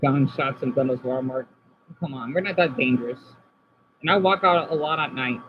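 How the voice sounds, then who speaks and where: A man from Arizona streaming casually, reading chat comments aloud and reacting, moving between subdued talk and excited outbursts. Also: mid-range voice, normal speed, lo-fi sound, slight background noise.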